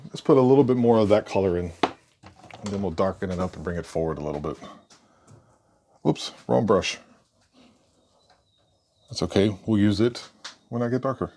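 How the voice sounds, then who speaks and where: A man giving a casual painting lesson, relaxed and thinking aloud as he works. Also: low voice, vocal fry. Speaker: painting instructor.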